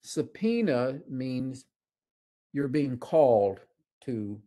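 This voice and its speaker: A man's voice: mid-range voice, animated, drawn-out words, mellow. A man, a college professor giving a casual lecture that wanders into anecdotes, with many "uh"s and restarts. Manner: rambling storyteller with frequent "uh" and restarts.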